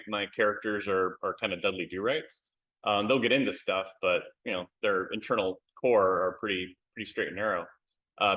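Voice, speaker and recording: American guy, lowish bright voice, chatty and candid, lots of ums, video call interview. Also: low-quality recording. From United States. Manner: candid, lots of fillers and repeated words. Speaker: author, interview guest. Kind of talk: casual interview chat.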